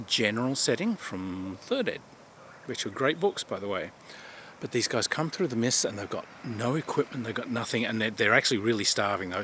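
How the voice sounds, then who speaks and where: A man's voice: mid-range voice, fairly bright tone, slight background noise. A man hosting a casual chat about tabletop games, telling anecdotes and acting out his players' lines. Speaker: tabletop game host.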